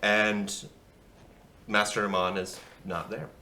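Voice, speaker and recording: A man narrating as game master of a tabletop game, telling the scene in an animated way. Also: lowish voice, slow pace. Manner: lively, animated storytelling.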